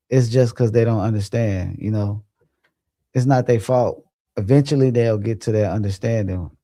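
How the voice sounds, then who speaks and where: A man's voice: lowish voice, gravelly, warm tone, dry recording, clean studio sound. A young man hosting a livestream, chatting casually and reading out viewer comments in a laid-back, rambling way, laughing often. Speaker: livestream host.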